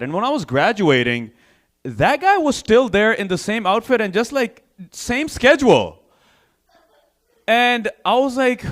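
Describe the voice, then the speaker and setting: A man's voice: high-pitched, expressive, normal speed, fairly bright tone. A man doing a stand-up set at an open mic, loose and profane, rambling with lots of fillers. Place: small comedy club stage.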